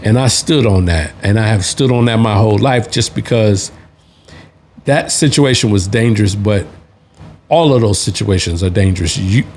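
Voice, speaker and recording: A man's voice: fairly low pitch, normal speed, darkish tone, a little hiss or hum. Rambling man telling a bar story. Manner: rambling, lots of restarts, slangy. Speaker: podcast host, Navy veteran. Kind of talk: casual storytelling.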